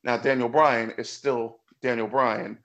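A man with a mid-pitched voice talks casually as a podcast co-host. He explains his views in a measured, analytical way. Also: steady tone, fairly bright tone, dull audio. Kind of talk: casual chat.

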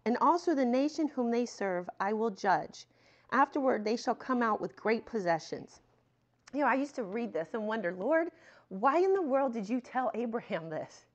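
A woman with a slightly high voice teaches a Bible lesson in a chatty, down-to-earth way. She reads scripture aloud, then breaks into lively asides. The sound is muffled and lo-fi. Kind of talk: teaching sermon.

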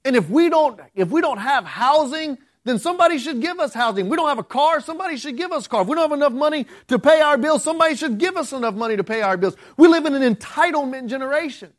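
A man's voice: very high-pitched, expressive, fast talker, hardly any pauses. A man preaching a conversational sermon, often restarting phrases and rising to emphatic outbursts. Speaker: pastor.

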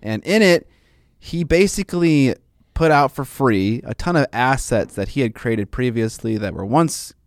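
A man's voice: mid-range voice, animated, unhurried, no echo, clean studio sound. A man co-hosting a podcast in casual chat, rambling and jokey, with lots of fillers. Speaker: podcast co-host.

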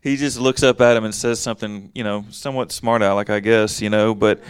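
A man with a low, resonant voice leads a casual Bible teaching. He reads a passage, then explains it in plain everyday words. The sound is dry and close, with almost no room around it. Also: steady tone, fairly quick, smooth, dry recording. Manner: conversational, reads verses then explains them in plain talk.

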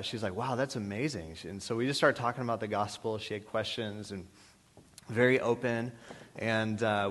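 A man's voice: lowish voice, fairly bright tone. A man giving an earnest testimony sermon to a church gathering, with hesitant fillers between thoughts. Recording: reverberant hall.

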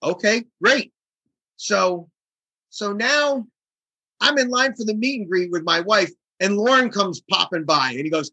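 A man being interviewed as a guest drummer, telling a story in a casual, animated way and acting out the voices of the people in it. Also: high voice, normal speed, gravelly, breathy edge, no echo, poor audio.

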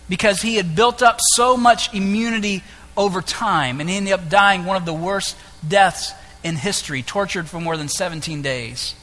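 A man preaching a sermon as pastor, impassioned, moving between hushed lines and loud ones. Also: high voice. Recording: echoey hall with long reverb.

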